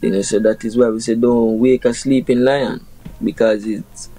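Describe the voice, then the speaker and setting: A man's voice: mid-range voice, steady tone, moderate pace, mellow, poor audio. A young Jamaican man, a reggae artist, chatting casually in an interview and explaining his lyrics through proverbs with many "you know"s.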